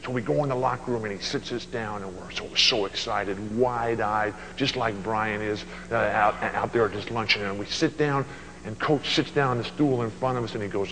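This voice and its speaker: A man in his sixties giving an animated keynote at a luncheon, telling stories and acting out voices. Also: medium pitch, fairly quick, long reverb tail, a little hiss or hum, poor audio. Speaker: motivational speaker. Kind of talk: storytelling keynote speech. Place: banquet hall at a luncheon.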